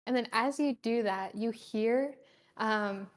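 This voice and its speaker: A woman running a casual tabletop game as game master, halting and giggly, with many fillers. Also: fairly high pitch.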